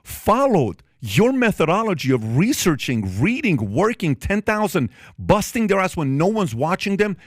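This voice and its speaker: A man's voice: high-pitched, very animated, moderate pace, hardly any pauses, no echo, studio quality. A man hosting a podcast, debating and building his point through repeated, step-by-step examples. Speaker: podcast host. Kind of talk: animated debate.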